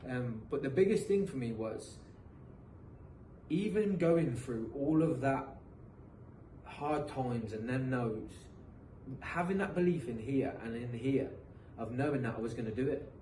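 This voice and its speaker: This thirty-something professional footballer from England, a podcast guest, shares his story in relaxed interview fashion, sounding earnest and motivational while frequently starting over. His voice is mid-range and dark-toned, unhurried in pace. Sound is distant and roomy with a faint layer of noise.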